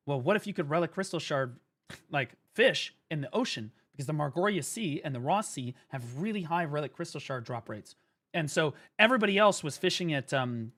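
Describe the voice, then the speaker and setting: A young man streaming a game, ranting and swearing excitedly as he explains it. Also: on the high side. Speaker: gaming streamer. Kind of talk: live gaming commentary.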